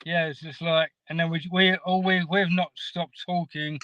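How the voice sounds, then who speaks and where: A man telling a story in a rambling, halting way, full of restarts, as a guest in a casual chat. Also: fairly high pitch, level tone, highs cut off. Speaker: guest caller.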